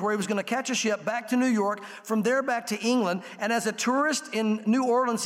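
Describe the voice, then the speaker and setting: A man preaching a sermon, telling an illustration story earnestly and slowing down for the emotional parts. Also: extremely high pitch. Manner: earnest storytelling, slows and softens for emotional quotes. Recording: long reverb of a large room.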